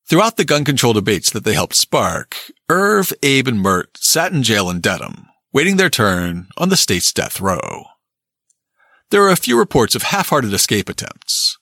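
A man's voice: medium pitch, gravelly, no echo, studio quality. A man narrating a scripted true-crime history and reading old newspaper accounts aloud. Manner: lively storytelling, quotes old newspaper accounts.

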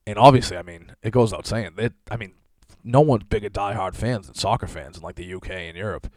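A man's voice: lowish voice, fast, no room sound, clean studio sound. A young man from the area, a comedian hosting a show, ranting loosely with lots of swearing and laughter. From Boston area, USA. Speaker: comedian podcast host. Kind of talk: profane comedic rant.

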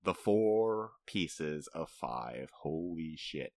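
A man co-hosting a casual podcast, talking fast and animated, laughing often and breaking into high-pitched impressions. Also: dry recording, clean studio sound. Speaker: podcast co-host. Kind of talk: casual chat.

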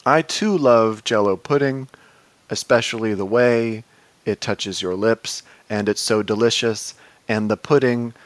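A man's voice: on the low side, measured pace, dry recording, natural voice. A man voicing a rambling older male children's entertainer in a podcast comedy bit, drifting into food tangents and mumbled "a baw" tics.

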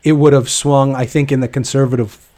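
A man's voice: mid-range voice, fairly even intonation, fairly quick, mellow. A Canadian man co-hosting a podcast, chatting casually with many hesitations. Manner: rambling, hesitant, laughs often. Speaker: podcast co-host. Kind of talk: casual chat.

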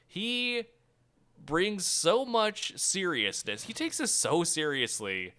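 Here is a man chatting through a movie with a co-host in a lively, laughing way. His voice is bright and clear, and his pitch swings widely. He sounds keen and animated. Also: takes it slowly. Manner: animated, laughs often, bursts into shouted impressions of movie lines. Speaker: podcast co-host. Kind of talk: casual movie review chat.

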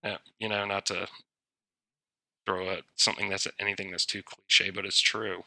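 Flat, gravelly-voiced male guest. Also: low voice, moderate pace, no room sound. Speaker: podcast guest. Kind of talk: casual interview chat.

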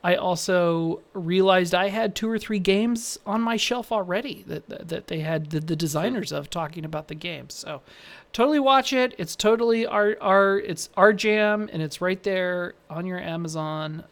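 High gravelly-voiced man, eager. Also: normal speed. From United States. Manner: enthusiastic, recommending. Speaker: podcast co-host. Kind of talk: casual chat.

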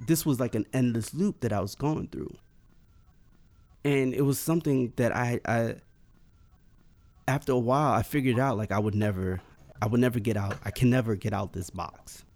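Gravelly man telling a rambling story. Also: medium pitch, moderate pace, long pauses, darkish tone. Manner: rambling, full of "like" and restarts. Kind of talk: casual personal storytelling.

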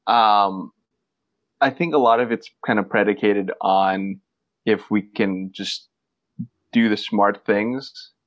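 A man's voice: fairly low pitch, steady tone, slow pace, long pauses, no echo, dull audio. A man co-hosting a casual sports podcast, rambling and joking with lots of fillers. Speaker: podcast co-host.

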